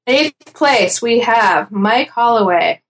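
A woman's voice: fairly high pitch, animated, takes it slowly, a bit bright. A woman in casual podcast chat, talking through predictions with lots of fillers and easy laughs. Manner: chatty, laughs easily, many fillers. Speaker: podcast guest analyst.

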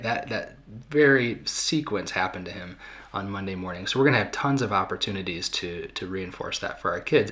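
Bright-voiced middle-aged man, thoughtful talk. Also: low voice. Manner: thoughtful, conversational, with fillers and restarts. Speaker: podcast host. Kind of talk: reflective talk answering listener questions.

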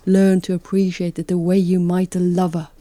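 A woman's voice: fairly low pitch, level tone, moderate pace, mellow, dry recording, close to an everyday voice. A woman voicing a harsh, blunt male therapist who scolds the listener sternly. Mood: stern scolding.

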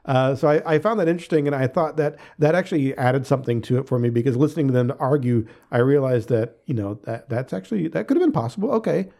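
A man's voice: medium pitch, fast talker, vocal fry, hardly any pauses, dark tone. A middle-aged man co-hosting a casual movie review podcast, rambling and circling back with frequent restarts. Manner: rambling, restarts often, hedging. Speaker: podcast co-host.

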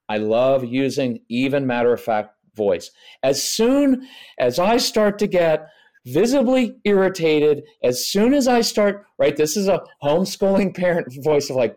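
A man's voice: on the high side, animated, normal speed, darkish tone. A middle-aged man, a parenting expert guest on a podcast, explaining in a practical way and acting out examples in voices. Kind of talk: podcast interview.

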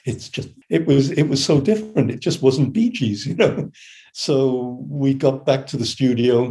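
An older man with a mellow, warm voice recounts studio stories casually in a middle-pitched voice. He acts out quotes from the people in his stories and hums melodies to show how the music went. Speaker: session keyboard player telling studio stories. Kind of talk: casual storytelling interview.

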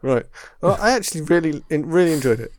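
A man's voice: a little high, expressive, fast. A man from England co-hosting a podcast in casual chat, rambling and searching for words with many restarts. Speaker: podcast co-host.

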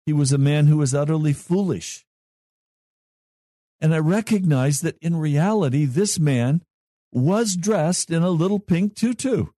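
A male pastor preaching a sermon in a slow, measured way with long pauses. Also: fairly high pitch, dark tone, dry recording, clean studio sound.

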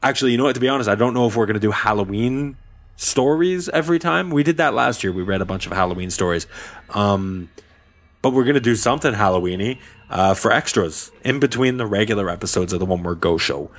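A man's voice: lowish voice, fast talker. A man hosting a casual podcast and reading a story aloud with playful humor. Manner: playful, laughs often. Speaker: podcast host.

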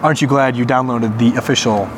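A man talks through a casual, chatty walking tour of an auto show as a podcast co-host. His voice sits at a middle pitch, and he sounds eager and easygoing. A faint hum of background noise runs under the recording. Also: fairly even intonation, fast talker. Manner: chatty, enthusiastic about the cars.

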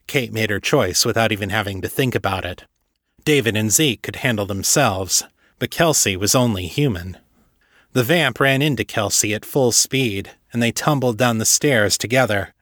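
A man narrating his own story as author and podcast host, with steady, plain storytelling. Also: fairly low pitch, normal speed, dry recording, studio quality. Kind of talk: audiobook narration.

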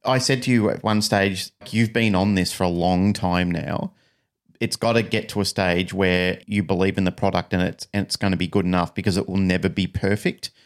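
A man with a fairly low voice co-hosts a casual podcast with his wife. He talks in an animated, emphatic way and builds his points with repeated phrases. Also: normal speed. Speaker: podcast co-host.

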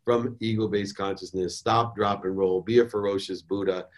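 A middle-aged man, a podcast guest, telling a motivational story in an emphatic way that swings between soft and forceful. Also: on the low side, steady tone, normal speed. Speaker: guest, entrepreneur and speaker.

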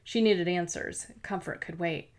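A woman reading a novel aloud as narrator, in a steady, measured storytelling manner. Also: on the low side. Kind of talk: scripted audiobook narration.

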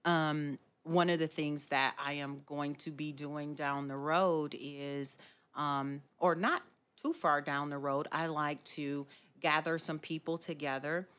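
Slow, low-voiced woman podcast host. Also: steady tone, fairly bright tone, clean tone. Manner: earnest, encouraging, many fillers. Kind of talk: casual chat.

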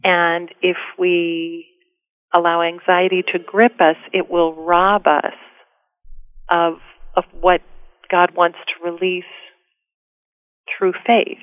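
A woman's voice: on the low side, level tone, slow, long pauses, dry recording. A middle-aged woman, a guest author, speaking earnestly and from the heart in a casual interview. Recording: tinny phone line.

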